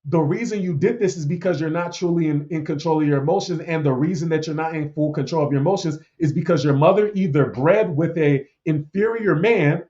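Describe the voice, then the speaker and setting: Preachy man with a higher voice, lo-fi. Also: a little fast, hardly any pauses, dark tone. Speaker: podcast host. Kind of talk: opinionated casual commentary.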